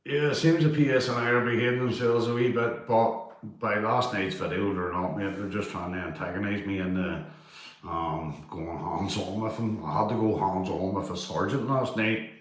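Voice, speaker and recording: Man, lowish voice, casual rambling stream chat, heavy room echo. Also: fairly even intonation, moderate pace. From Northern Ireland. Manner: rambling, swears, local slang. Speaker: auditor streamer chatting with viewers.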